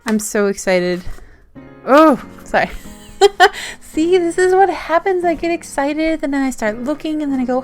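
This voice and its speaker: Australian woman, casual vlogger, excitable and rambling, slightly high voice. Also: normal speed, faint music behind. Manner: bubbly, gushing, giggly and rambling. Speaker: zine-maker vlogger. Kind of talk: casual mail-opening vlog.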